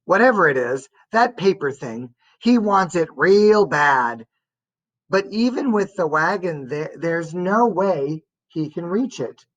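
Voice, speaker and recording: A woman reading a first-person story aloud as an audiobook narrator, in a slow and expressive way. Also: on the low side, lo-fi sound.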